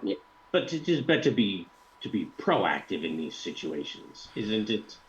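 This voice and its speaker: A man voicing a formal, cold employer who hires thieves and speaks in measured, stiff sentences without contractions. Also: fairly low pitch, sing-song, dull audio. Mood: calm.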